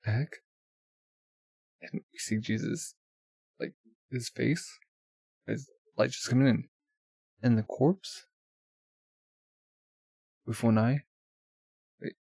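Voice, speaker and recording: Gravelly man chatting through a manga. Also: medium pitch, slow pace, pauses often, warm tone, dry recording. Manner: rambling, full of "like" and laughs. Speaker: manga reaction vlogger. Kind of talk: casual manga reading commentary.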